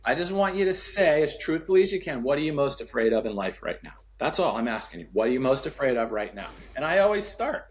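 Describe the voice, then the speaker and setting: A man telling a story as a podcast guest, acting out the dialogue with sweeping pitch and repeating key phrases for emphasis. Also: sing-song, fast, hardly any pauses. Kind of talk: storytelling in conversation.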